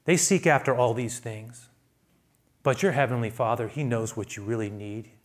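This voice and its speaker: A man preaching a sermon as pastor, who often restarts his phrases and swings between quiet asides and loud, raised emphasis. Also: normal speed. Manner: builds to loud, high-pitched emphasis, then drops to quiet asides; repeats words and restarts phrases.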